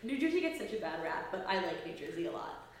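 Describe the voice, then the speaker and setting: A woman's voice: mid-range voice, big pitch swings, quick pace. A young woman co-hosting a podcast, giggly and eager as she chats and guesses. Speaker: podcast co-host. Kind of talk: casual chat. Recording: very echoey room.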